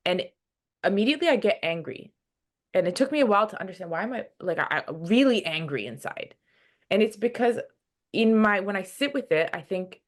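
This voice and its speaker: A woman's voice: medium pitch, expressive. A woman being interviewed as a podcast guest, talking earnestly with many restarts and acted-out quotes. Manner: earnest, halting, acts out quoted dialogue. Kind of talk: casual interview chat.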